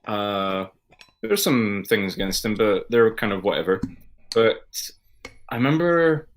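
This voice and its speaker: A man's voice: fairly low pitch, very animated, a little slow. A man, a podcast co-host, telling a rant-filled story in casual, heavily sweary chat. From Scotland.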